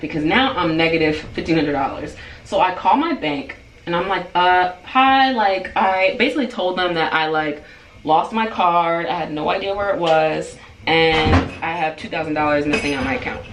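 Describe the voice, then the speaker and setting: A woman telling a story on her vlog in a casual, animated way, full of "like" and "um" fillers. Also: fairly quick. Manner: animated, rising to high-pitched outbursts when retelling anger; frequent "like" and "um" fillers. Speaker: vlogger. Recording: roomy echo, distant mic, faint background hiss.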